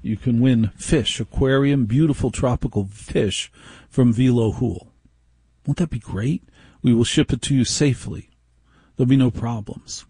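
Radio call-in host guy, husky voice, chatty, pokes fun at himself. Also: mid-range voice, moderate pace, dark tone, no echo, clean studio sound. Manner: chatty, self-mocking. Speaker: radio talk show host.

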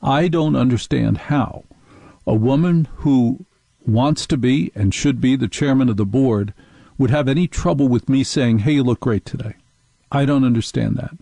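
A man's voice: medium pitch, normal speed, vocal fry, mellow, no room sound. A man hosting a radio talk show, delivering an opinionated, sarcastic, rambling monologue into a studio microphone.

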